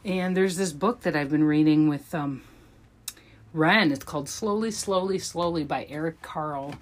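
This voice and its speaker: A low-voiced woman in her thirties speaks at a moderate pace in a casual solo episode of her podcast. She wanders from point to point, often saying um, restarting sentences, and poking fun at herself.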